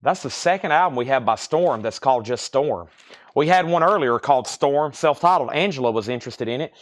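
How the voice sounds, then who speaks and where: Young guy rambling thru a live record sale, mid-pitched, reading off prices casually. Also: expressive, a little fast. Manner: rambling, chatty, reads out prices and titles. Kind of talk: casual live-stream selling chat.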